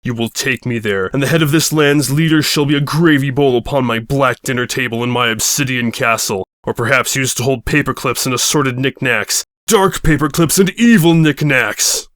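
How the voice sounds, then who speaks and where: A man voicing a pompous, dim-witted male dark lord who speaks in grandiose, melodramatic tones. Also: mid-range voice, moderate pace, hardly any pauses, dry recording, clean studio sound, lightly acted. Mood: bombastic.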